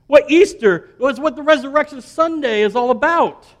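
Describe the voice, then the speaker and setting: A man's voice: very high voice, moderate pace. A man in his thirties, a pastor, preaching an emphatic sermon and repeating words as he builds up.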